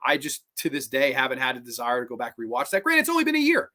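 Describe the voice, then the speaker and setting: A man hosting a horror review show, chatting casually on a livestream and answering viewer comments in an excitable, profane, rambling way. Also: medium pitch, racing.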